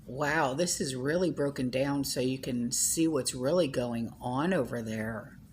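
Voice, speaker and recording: A woman's voice: rumbling low, a little slow, a little mellow, slight background noise. A woman hosting her own channel, chatting casually to viewers in a rambling way, full of "you know" and "okay?". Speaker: channel host.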